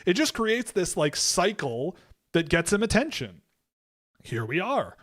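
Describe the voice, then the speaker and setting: A man's voice: sits high, sing-song, measured pace, fairly bright tone. A Canadian man hosting a hockey livestream, talking casually and with strong opinions, rambling and restarting, sometimes mocking others in exaggerated put-on voices. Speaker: host of a hockey prospect livestream.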